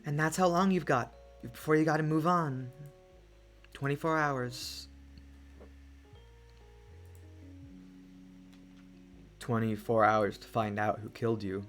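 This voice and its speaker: A woman voicing a brisk, reassuring female barista, reading game lines with a hint of Australian flavor over soft music. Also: rumbling low, voice pushed down. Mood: calm. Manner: brisk, soothing, slips into Australian. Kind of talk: game dialogue read aloud. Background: soft lofi music.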